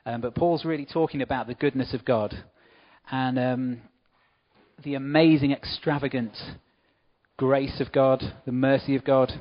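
A man gives a relaxed, conversational talk to a church congregation, throwing in friendly asides between points. His voice sits at a middle pitch. The recording sounds a little muffled and dull. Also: measured pace. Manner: chatty, warm asides to the congregation. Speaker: church speaker.

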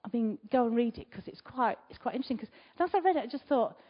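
A woman's voice: on the high side, expressive, fast. Chatty woman preaching. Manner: chatty, asks the listeners rhetorical questions; swings between loud emphasis and quiet asides. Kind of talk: conversational sermon. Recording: slightly dull recording.

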